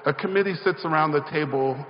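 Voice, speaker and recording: A man's voice: on the high side, quick pace. A male pastor giving a sermon in a church sanctuary. He speaks in a rhythmic call-and-response style with rising emphasis. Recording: echoey hall, slightly dull sound.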